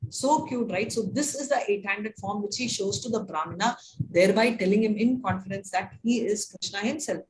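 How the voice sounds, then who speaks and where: A woman's voice: medium pitch, fairly quick. Chatty woman telling a devotional story. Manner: chatty, with many fillers and "right?" checks. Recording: noisy room recording.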